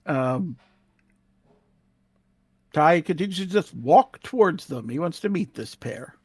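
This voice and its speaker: Higher-voiced man playing a tabletop game. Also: animated, slow, darkish tone, husky, no echo. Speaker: player.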